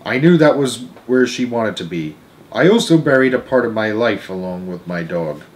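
A man's voice: on the low side, expressive, moderate pace, poor audio. A man reading a chapter book aloud as storyteller, earnest and emotional, now and then restarting a phrase.

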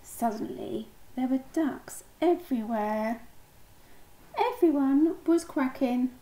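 A woman slowly reading a children's picture book aloud, gently voicing the characters. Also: sits high, animated, reverberant, low-quality recording. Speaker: storybook reader.

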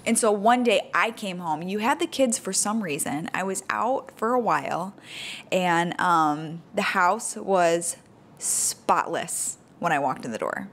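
A woman's voice: lowish voice, a little hiss or hum. Chatty woman podcast co-host. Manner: animated, laughs often, quick bursts of explanation. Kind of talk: casual married-couple chat.

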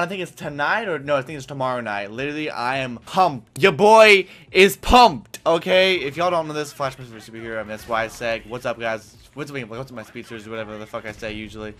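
A young man doing casual gameplay commentary, cocky and excitable, full of profane trash talk and rambling fillers. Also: medium pitch. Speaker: gaming channel host.

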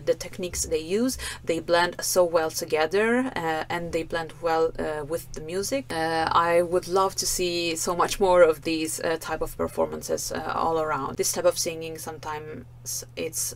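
A woman's voice: sits low, slight background noise. Thoughtful woman vocal coach with fillers. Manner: thoughtful, many fillers, demonstrates vocal sounds. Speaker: vocal coach reacting to a performance. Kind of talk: reaction video analysis.

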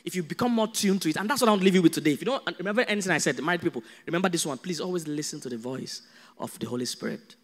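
Nigerian male pastor, slightly high voice, lively sermon, echoing hall. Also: very fast. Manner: animated, humorous, acts out dialogues.

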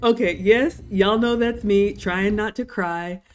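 A woman, chatting excitedly as she narrates dining footage and reads viewer comments. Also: medium pitch, takes it slowly, noisy background. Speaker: vlogger. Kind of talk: live-stream commentary over cruise dining footage.

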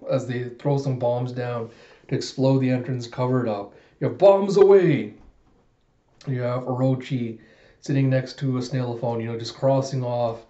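A man's voice: mid-range voice, mellow. A man casually recapping a comic chapter for a review, rambling with lots of fillers. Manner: loose, rambling narration with many fillers. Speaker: manga reviewer. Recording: roomy, dull lo-fi sound.

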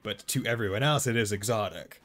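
A man's voice: fairly low pitch, a little fast, fairly bright tone. A man with a Boston accent streaming a video game, chatting casually and rambling with lots of fillers. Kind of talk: casual let's-play chat. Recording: faint game music behind.

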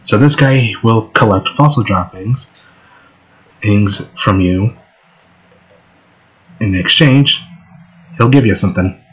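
A man's voice: fairly low pitch, takes it slowly, long pauses, poor audio. A man hosting a let's play, giving casual gameplay commentary in a laid-back, joking way.

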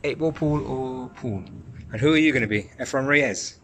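Playful dad filming at a pool table. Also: male voice, medium pitch, moderate pace, fairly bright tone. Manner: playful, teasing, repeats a catchphrase. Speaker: vlogger, dad. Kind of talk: casual chat. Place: indoor pool table at an entertainment centre. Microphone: handheld camera.

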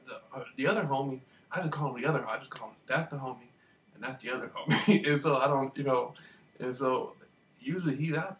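A man telling a rambling personal story in a casual monologue, repeating himself and getting animated as he retells it. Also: medium pitch. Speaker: vlogger. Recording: distant mic with faint background noise.

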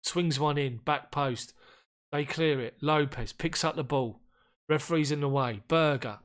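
A man giving casual commentary on a football management game, getting excited and frustrated as chances slip away. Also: fairly high pitch, moderate pace. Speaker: gaming YouTuber.

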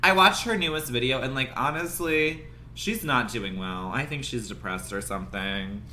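A man's voice: mid-range voice, moderate pace, bright, forceful tone, a little hiss or hum. A young adult man chatting casually on a livestream, profane and complaining, congested and coughing now and then.

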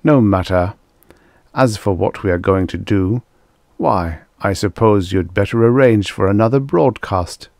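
A man voicing a calm, cunning emperor in an audiobook, speaking evenly and quietly, with a mocking edge. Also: lowish voice, unhurried, no room sound, studio quality.

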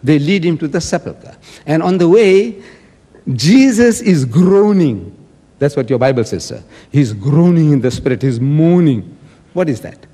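Male debater, forceful and argumentative, slightly high-pitched, recorded with long hall reverb. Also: animated, normal speed. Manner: emphatic, argumentative, acting out quoted speech. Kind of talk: public debate speech.

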